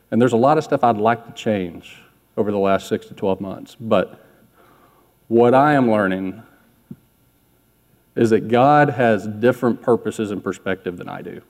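A pastor preaching a sermon in a candid, self-deprecating, conversational way to a church congregation. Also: male voice, on the low side, a little slow, pauses often, darkish tone, long reverb tail.

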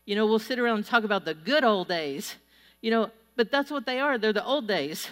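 A woman pastor giving a sermon to a large congregation, telling stories in a lively, conversational way. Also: fairly high pitch, a little fast. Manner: storytelling, animated and conversational. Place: church auditorium before a large crowd. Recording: long reverb of a large hall.

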